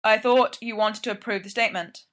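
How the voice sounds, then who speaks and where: Lady doing a chill wry young guy, steady, bright tone. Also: mid-range voice, brisk, natural voice. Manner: calm and wry. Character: dry, steady young businessman friend.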